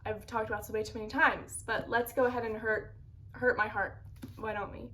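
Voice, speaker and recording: Animated high-voiced young woman vlogger. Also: fairly quick. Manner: animated, dramatic outbursts of mock outrage. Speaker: book vlogger. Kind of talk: casual reaction vlog.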